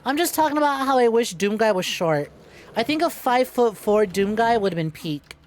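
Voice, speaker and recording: Woman streamer, kinda high voice, says hi to chat, swears a lot, laughs a bunch. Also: animated, fairly quick, a little mellow, a little hiss or hum. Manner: greets chat by name, swears freely, laughs often. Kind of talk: casual livestream chat while gaming.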